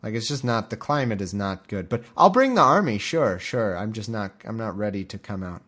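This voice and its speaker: A man's voice: on the low side, expressive, fairly bright tone. A man voicing a flustered man who stammers and dodges awkward questions. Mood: evasive. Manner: evasive, stammering, quick denials.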